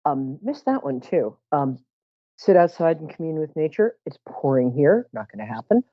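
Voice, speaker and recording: A middle-aged woman hosts a live psychic call-in show, wry and self-mocking as she chats. Her voice sits low yet swings widely as she jokes. The sound is dry and a little dull. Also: very animated, moderate pace, no echo. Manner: self-mocking, joking, chatty.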